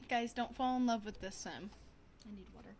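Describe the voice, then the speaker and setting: A young woman streaming a life-sim game, chatting casually to viewers in a bubbly, excitable way, gasping and repeating herself. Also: a little high, fairly quick, slight background noise. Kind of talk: casual gaming stream chat.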